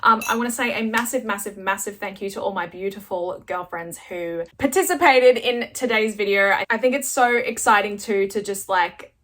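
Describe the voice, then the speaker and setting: A woman's voice: medium pitch, moderate pace, hardly any pauses, a bit bright. Australian woman, casual book vlog host, chatty and effusive. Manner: bubbly and gushing, chatty with many likes. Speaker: book vlogger. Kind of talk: casual chat to camera.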